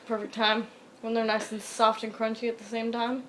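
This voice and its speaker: A young woman chatting casually, telling animated childhood stories with lots of laughing and some swearing. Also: on the high side, moderate pace, heavy background noise. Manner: animated storytelling, laughing, acts out childhood quotes. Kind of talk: casual chat.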